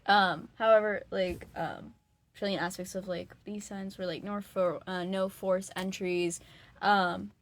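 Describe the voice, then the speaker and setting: A woman's voice: medium pitch, steady tone, measured pace. Chatty young woman from Massachusetts. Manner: chatty, laughing, acts out quoted voices. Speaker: podcast co-host. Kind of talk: casual chat. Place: small recording studio.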